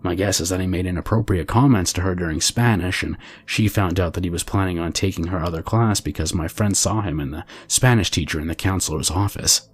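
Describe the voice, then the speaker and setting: Deep-voiced man narrating a scary story. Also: a little fast, slightly rough. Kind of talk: scripted narration of a reader's true story.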